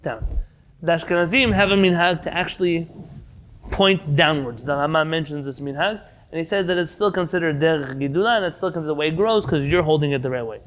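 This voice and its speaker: A man's voice: on the high side, a bit bright, a little hiss or hum. A man teaching a Torah class as a lecture, telling stories with energy and sprinkling Hebrew terms into his English. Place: United States.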